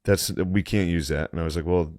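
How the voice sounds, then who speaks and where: Deep-voiced guy on a podcast mic griping and laughing thru a story, swears a lot, dry close sound. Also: a little fast, no echo. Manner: profane, animated griping with laughs. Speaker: podcast co-host. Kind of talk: casual storytelling chat.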